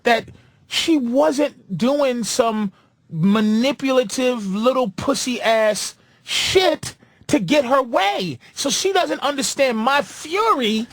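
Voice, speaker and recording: High, animated man telling a story. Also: no room sound. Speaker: comedian guest. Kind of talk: casual radio banter.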